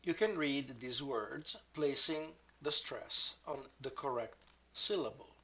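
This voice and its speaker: Slow, bright-voiced male language teacher. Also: mid-range voice, breathy edge. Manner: slow, deliberate, models each word aloud. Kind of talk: grammar lesson.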